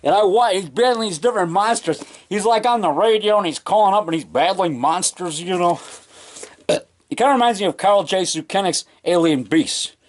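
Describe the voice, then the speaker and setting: A man rambling excitedly in a casual home vlog, full of restarts and trailing thoughts, recorded on a camcorder in his basement. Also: high voice, moderate pace. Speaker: low-budget monster moviemaker. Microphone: camcorder mic.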